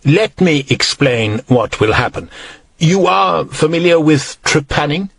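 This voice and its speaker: A man's voice: a little high, lively intonation, unhurried, gravelly, a bit bright, a little hiss or hum, pitched above the performer's own voice, heavily acted. A man doing a mocking villainous doctor. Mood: cold. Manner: mocking, coldly superior. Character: cold scheming male doctor villain, mocking.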